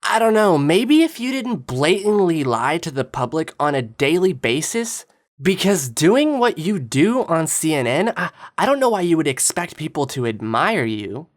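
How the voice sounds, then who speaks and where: A woman's voice: sits low, normal speed. A woman giving sarcastic, taunting commentary over video clips. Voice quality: sarcastic, taunting, lively inflection. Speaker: political commentator.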